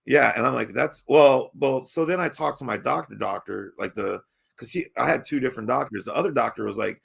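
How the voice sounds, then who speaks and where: A young man from Baltimore hosting a podcast, his voice gravelly with fry. He rambles through a story in casual chat, cursing freely, laughing often and stumbling over his restarts. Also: mid-range voice, expressive, fast, fairly bright tone. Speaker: podcast host.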